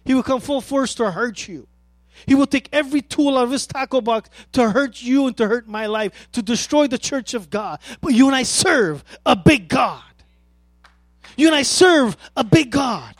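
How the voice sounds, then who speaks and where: High-voiced preaching man, dry sound. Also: animated, moderate pace, dry recording. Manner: emphatic preaching, swings loud and soft. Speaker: pastor. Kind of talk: sermon.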